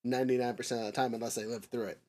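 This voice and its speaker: A man hosting a casual discussion podcast, rambling with lots of fillers and restarts, nerdy and quick to chuckle at his own tangents. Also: mid-range voice, fairly even intonation, darkish tone. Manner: rambling, filler-heavy, self-correcting. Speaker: podcast host.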